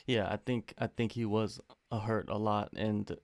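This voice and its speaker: A man interviewing a fighter in a relaxed, agreeable way, with short reactions. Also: fairly low pitch, moderate pace, dry recording, clean studio sound. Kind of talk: casual interview chat.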